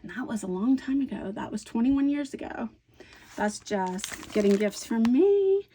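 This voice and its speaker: Lady in her 50s, slightly high voice, rambly and animated, laughs a lot. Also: normal speed, breathy edge. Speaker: scrapbooking vlogger. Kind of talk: casual chatty storytelling.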